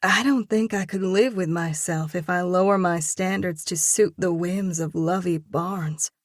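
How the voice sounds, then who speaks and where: A woman's voice: lowish voice, a little slow, dry recording, clean studio sound. A woman reading an audiobook and voicing a torn young female singer who speaks in an earnest, emotional way. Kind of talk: audiobook dialogue.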